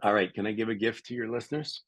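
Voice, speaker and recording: A middle-aged man from Canada, a podcast guest telling stories in a lively conversational way and acting out the voices of people he quotes. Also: lowish voice, fast talker, dry recording, poor audio. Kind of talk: conversational storytelling.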